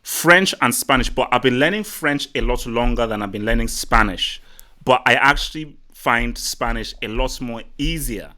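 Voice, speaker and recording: This man's mid-range voice moves at a moderate pace as he hosts a casual football livestream. He rambles, repeats his words, and stays animated throughout.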